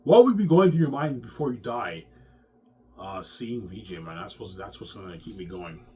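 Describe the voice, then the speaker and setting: A man's voice: fairly low pitch, expressive, moderate pace, warm tone. Agitated, profane man rambling. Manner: agitated, profane, repeats words. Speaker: vlogger. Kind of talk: rambling monologue to the camera.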